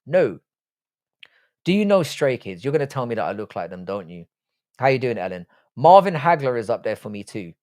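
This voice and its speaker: A man's voice: medium pitch, very animated, brisk, a little mellow. A British man hosting a live stream, chatting casually and reading out viewer comments. He rambles and swears freely, often restarting his sentences. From Britain. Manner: rambling, frank and profane, many restarts.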